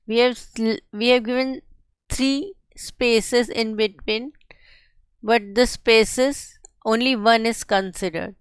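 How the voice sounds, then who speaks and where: A woman teaching a coding tutorial, explaining each step slowly and carefully. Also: on the high side, fairly even intonation, clean tone, dry recording. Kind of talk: screen-share coding tutorial.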